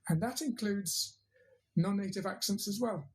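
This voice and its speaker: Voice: mid-range voice, measured pace, slight background noise, poor audio. A teacher, giving a thoughtful interview answer with frequent hesitations and restarts. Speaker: interviewed English teacher and trainer.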